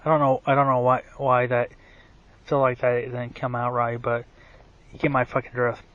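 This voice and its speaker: This wrestling commentary vlogger talks in a monotone at a moderate pace, his medium-pitched voice a bit bright with the highs cut off. His rambling, profane rant is full of fillers and restarts, and he calls his own voice bad.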